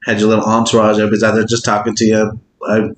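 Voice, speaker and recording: A man's voice: on the low side, rapid-fire. A man co-hosting a podcast, reading out stories in casual chat and laughing a lot as he tells them. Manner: animated, laughing storyteller. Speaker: podcast co-host. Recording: echoey room, faint hiss.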